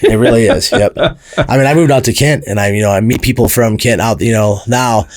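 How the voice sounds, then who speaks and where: A quick-talking man with a Cleveland accent in a relaxed interview, laughing easily, swearing casually and acting out quotes with lively energy. The voice sits in an ordinary middle pitch, and the room sound is dry and close. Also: no room sound. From Cleveland, Ohio. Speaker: musician guest.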